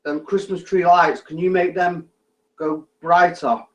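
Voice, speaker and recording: A man's voice: sits high, steady tone, measured pace, rough recording. A man on a ghost hunt, calling out to spirits with patient, repetitive requests. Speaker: ghost hunter.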